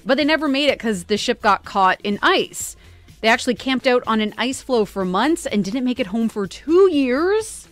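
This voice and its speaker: A woman's voice: a little high, expressive, normal speed, no echo, faint music behind. Chatty female radio co-host. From Canada. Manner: chatty, reads news items conversationally. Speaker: radio morning show co-host. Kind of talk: casual radio banter. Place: radio studio.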